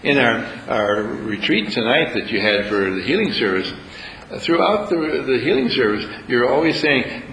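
A man's voice: medium pitch, big pitch swings, moderate pace, vocal fry, a bit bright, reverberant, a little hiss or hum, rough recording. A man leading a spiritual retreat, talking live to a room audience in a playful, teasing way. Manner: playful, teasing, acts out little scenes with voices.

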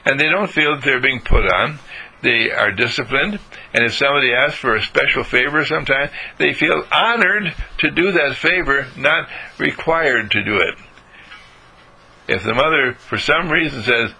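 Older guy with a gravelly husky voice, bright edge, folksy storytelling talk. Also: mid-range voice, lively intonation, moderate pace, poor audio. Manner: folksy, acts out little scenes. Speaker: speaker giving a moral talk. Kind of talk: storytelling lecture.

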